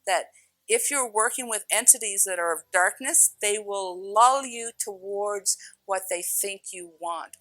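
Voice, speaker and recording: A middle-aged woman telling a personal spiritual story in an animated way, acting out voices and laughing often. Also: medium pitch, measured pace, no room sound, rough recording. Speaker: spiritual speaker.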